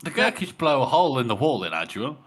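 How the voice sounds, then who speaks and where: Podcast dude cracking jokes, bright voice, lots of ups and downs. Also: male voice, mid-range voice, very animated, fast. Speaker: podcast co-host. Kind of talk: casual chat.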